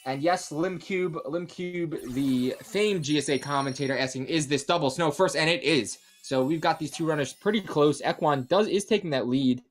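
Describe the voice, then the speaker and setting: A man giving casual live commentary on a speedrun race, quick and chatty with plenty of fillers. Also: on the high side, a little hiss or hum.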